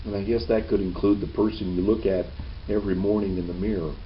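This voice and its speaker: A man's voice: fairly low pitch, fairly even intonation, quick pace, far from the mic. Man giving a folksy training talk. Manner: folksy, checks in with okay after each point. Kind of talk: training presentation. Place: meeting room. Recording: dull lo-fi camera audio with faint hiss.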